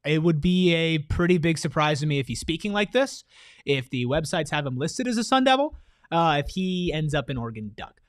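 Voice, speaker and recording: Male sports co-host, high voice, casual slangy delivery, dry close recording. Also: brisk, dry recording. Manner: animated, emphatic, slangy.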